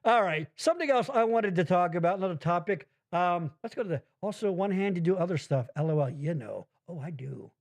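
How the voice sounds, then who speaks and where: Animated high-voiced man ranting. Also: brisk, few pauses. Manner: profane, animated, rambling, reads chat comments aloud. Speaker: podcast host. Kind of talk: casual comedy podcast banter. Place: home basement.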